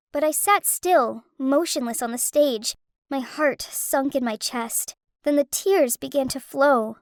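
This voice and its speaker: A woman narrating an animated story in the first person, emotional and dramatic, on a close studio mic. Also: high voice, no room sound.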